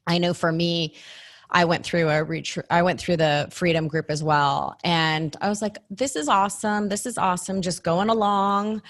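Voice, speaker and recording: A woman hosting a church podcast, talking in an earnest, encouraging and reflective way. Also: sits low. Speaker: podcast host. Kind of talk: faith podcast conversation.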